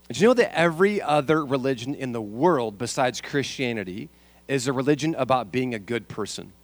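A man's voice: mid-range voice, lively intonation, a little fast, no room sound. A man preaching a sermon as a pastor, asking the congregation rhetorical questions and repeating his key lines.

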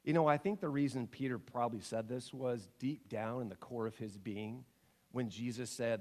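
A male pastor preaching a sermon, animated and full of rhetorical questions, swinging from loud emphasis to hushed passages. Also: mid-range voice, brisk.

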